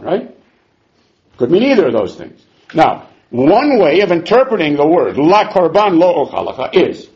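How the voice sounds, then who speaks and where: A man's voice: high-pitched, lo-fi sound. A man teaching a Talmud class, sarcastic and exasperated, mixing Hebrew and Aramaic terms into his explanations.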